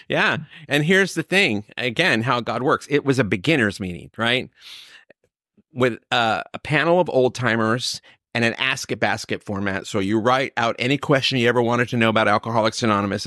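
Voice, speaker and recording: A man from California, older, telling his recovery story in a lively, storytelling way, acting out what others said. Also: fairly low pitch, no room sound, studio quality. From Sacramento, California. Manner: storytelling, animated, quoting others. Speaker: recovery speaker.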